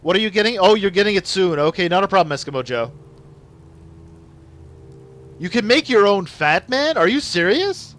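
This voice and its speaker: A young Canadian man streaming gameplay live, chatting excitedly with viewers and apologizing a lot. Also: high-pitched, moderate pace, pauses often.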